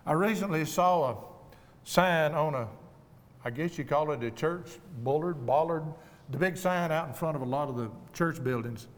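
Earnest preacher man in a reverberant church. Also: on the high side. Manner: earnest, humble, measured with deliberate pauses. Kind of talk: evening sermon. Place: church auditorium. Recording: long reverb of a church hall.

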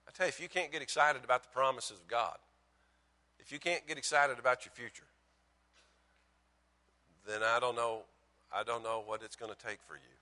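A man preaching a sermon as pastor, swinging from loud emphasis to hushed lines and telling folksy, self-mocking stories. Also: medium pitch, steady tone, normal speed, pauses often, big-room sound.

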